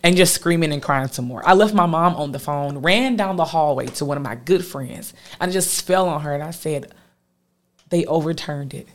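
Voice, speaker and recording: Animated woman telling her story. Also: low voice, normal speed, few pauses. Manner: animated, quotes others with lively voices. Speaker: guest. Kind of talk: emotional personal storytelling.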